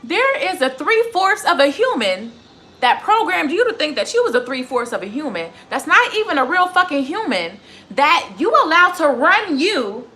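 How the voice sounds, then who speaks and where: A woman's voice: high voice, sing-song, normal speed, bright, forceful tone. A woman in her twenties, a tarot reader chatting live to her viewers in a casual, profane, heated rant. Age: 20s. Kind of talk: casual livestream chat.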